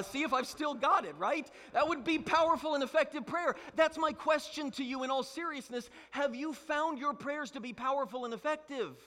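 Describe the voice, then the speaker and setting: Pastor, high bright voice, pressing rhetorical questions, long hall echo. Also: male voice. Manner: emphatic preaching with rhetorical questions. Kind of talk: sermon.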